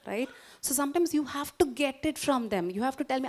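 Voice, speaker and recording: A woman speaker with an Indian English accent and a fairly high voice leads a motivational talk. She coaxes her listeners along, keeps asking them questions and walks them gently through a calming exercise. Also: fairly quick. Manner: warm, coaxing, interactive, asks the audience questions. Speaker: guest speaker at a doctors' society. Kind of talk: motivational lecture with guided exercise.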